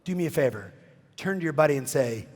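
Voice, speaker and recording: A man giving an animated keynote talk in a big conference hall, acting out a story and breaking into shouts. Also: on the high side, quick pace, slight background noise. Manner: excitable, acts out the scene and shouts. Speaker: real estate coach and keynote speaker. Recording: long reverb in a big hall.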